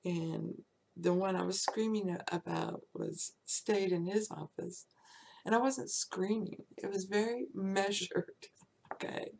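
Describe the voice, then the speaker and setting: Slow, gravelly woman in her sixties. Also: mid-range voice, a little hiss or hum. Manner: laughs often while telling a frank, animated story. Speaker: vlog host telling her life story. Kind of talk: casual personal storytelling.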